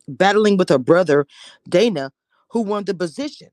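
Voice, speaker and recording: A woman's voice: fairly low pitch, expressive, fairly quick, no room sound. Woman TV reviewer, casual and chatty, slips into whispers for emphasis, dry close recording. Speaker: TV show reviewer. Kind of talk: casual episode recap.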